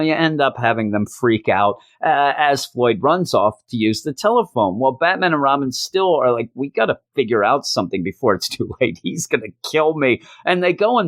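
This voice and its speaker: A man reviewing an old comic book, retelling the plot in a casual, animated way and briefly acting out the characters' lines. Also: medium pitch, no echo.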